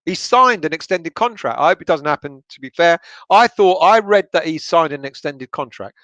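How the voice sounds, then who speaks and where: A man's voice: on the high side, animated, moderate pace, a bit bright, no echo. A man hosting a football livestream, reading out viewer comments with sweary banter and frequent laughter. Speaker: football channel livestream host.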